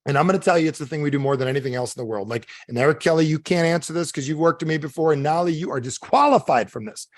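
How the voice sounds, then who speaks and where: A rapid, emphatic man in middle age lectures an online audience, firing question after question at them. His voice sits a bit high for a man, and the sound is close and dry with no room echo. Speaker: motivational speaker. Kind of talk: live online coaching talk.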